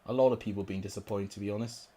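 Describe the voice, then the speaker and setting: A man's voice: on the low side, steady tone, very fast, dark tone, a little hiss or hum. A young man commentating live on his football game, frustrated and exclamatory, cursing at his players. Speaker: gaming YouTuber.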